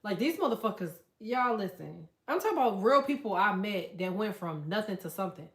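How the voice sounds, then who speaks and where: A woman hosting a casual livestream, telling stories in a loud, profane, animated way and reading out chat comments. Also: mid-range voice, fairly quick, roomy sound. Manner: profane, animated storytelling with quoted voices.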